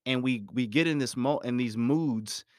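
A man's voice: medium pitch, normal speed, dry recording, clean studio sound. A man giving a motivational talk, speaking emphatically and repeating his key phrases. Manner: repetitive, emphatic, preachy.

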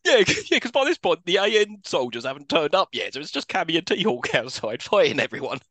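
Bright-voiced man recapping a film. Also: on the high side, big pitch swings, fairly quick, no room sound. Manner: laughs often, recaps scenes with mock quotes. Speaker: podcast co-host. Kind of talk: casual film review chat.

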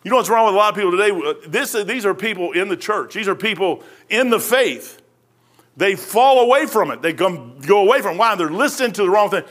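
A man's voice: high voice, lively intonation, brisk, fairly bright tone. A man preaching a sermon as pastor, in a folksy, conversational way full of slang and asides.

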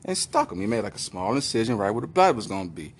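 A man telling a comic story in a low voice that swings up and down with energy. He talks casually, fumbles and corrects his words, and keeps the story rolling. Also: quick pace, husky. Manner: animated, acts out voices, restarts. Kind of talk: comedic storytelling.

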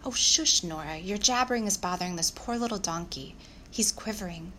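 A woman voicing a soft, elegant young girl who gushes in a gentle, breathy way. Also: on the low side, a little fast, a little hiss or hum, close to an everyday voice. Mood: gushing. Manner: soft and gushing.

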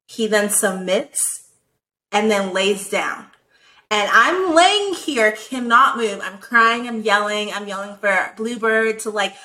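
Bright-voiced young woman telling a story. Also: mid-range voice, low-quality recording. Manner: animated, profane, many "like" fillers. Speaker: guest telling a personal story. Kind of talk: casual storytelling chat.

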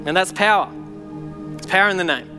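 A man's voice: sits high, a little fast, in a large hall, over music. A man preaching a sermon to his church, telling stories animatedly and acting out voices. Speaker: pastor.

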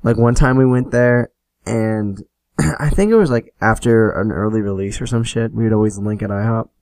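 A man's voice: fairly low pitch, normal speed, a little mellow, dry recording. A young man hosting a podcast, casually telling stories, swearing freely and acting out quoted lines. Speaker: podcast host. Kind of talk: solo storytelling podcast.

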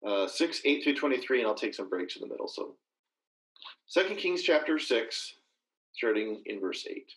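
A man leading an informal Bible study, reading scripture aloud and commenting in a chatty, animated way, often correcting himself. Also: medium pitch, moderate pace, low-quality recording.

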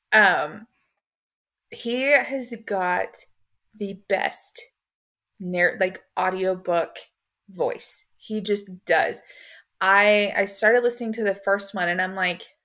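A woman's voice: medium pitch, bright, forceful tone. A woman hosting a podcast, chatting casually in a rambling way with many fillers. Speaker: podcast host. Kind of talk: casual conversation.

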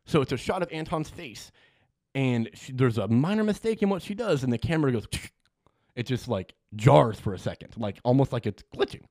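A man's voice: medium pitch, moderate pace, dry recording. A man chatting casually on a podcast, retelling a movie scene by scene with lots of swearing and acted-out reactions. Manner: animated, swears a lot, acts out scenes. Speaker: podcast co-host. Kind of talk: casual movie recap chat.

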